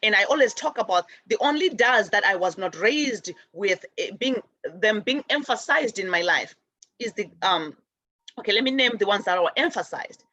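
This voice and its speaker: Animated woman telling stories, lo-fi. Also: mid-range voice, normal speed, no room sound. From raised in a village outside America. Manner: animated storytelling, acts out relatives' voices. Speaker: show host. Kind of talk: spiritual talk show monologue.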